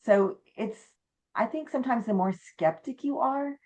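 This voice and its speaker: A woman who owns a haunted inn appears as a guest in a casual interview, animatedly telling stories and acting out the quotes. She speaks at a measured pace with a fairly high pitch.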